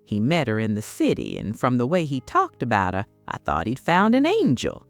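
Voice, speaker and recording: A woman's voice: a bass voice, wildly swooping pitch, normal speed, dry recording, soft background music. A middle-aged woman with a Southern US accent, telling a first-person story in a folksy way. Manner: folksy, addresses listener as honey. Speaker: narrator.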